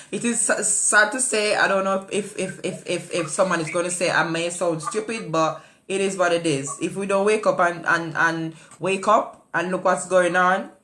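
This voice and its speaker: A woman's voice: fairly low pitch, fairly bright tone. A woman hosting a call-in talk show, emphatic and repetitive, often laughing between her words. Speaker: radio call-in show host.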